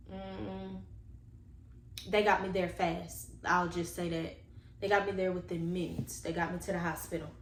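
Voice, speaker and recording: A woman tells a personal story to her viewers, earnest and animated as she talks to them directly. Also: medium pitch. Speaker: vlogger telling a personal story. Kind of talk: casual storytime monologue. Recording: echoey room with faint background noise.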